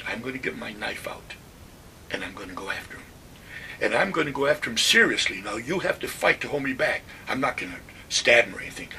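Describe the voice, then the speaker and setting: An older veteran from Western New York recalls his army days in a lively oral history, acting out each voice. His voice is gravelly and bright. The mic sits a little way off, and a faint hum runs underneath. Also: mid-range voice, recorded from a distance. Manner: animated storyteller, acts out quotes, chuckles. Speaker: WWII veteran.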